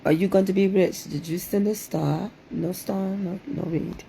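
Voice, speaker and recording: A woman's voice: mid-range voice, fairly even intonation, normal speed, creaky, dark tone, slight background noise. A woman hosting a playful livestream, exclaiming dramatically and repeating her phrases in a sing-song way. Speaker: livestream host doing card readings.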